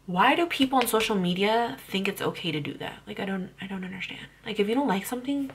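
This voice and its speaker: A woman's voice: medium pitch, fast, few pauses, fairly bright tone, a little hiss or hum. A young woman ranting bluntly about parenting on her vlog, heated and full of swearing. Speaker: parenting vlogger.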